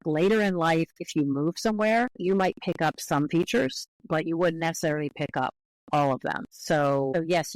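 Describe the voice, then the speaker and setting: A woman's voice: low voice, no room sound, rough recording. Woman linguist explaining, dry close mic. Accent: American English. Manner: clear, explanatory, careful qualifications. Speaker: guest linguist. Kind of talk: podcast interview, explaining.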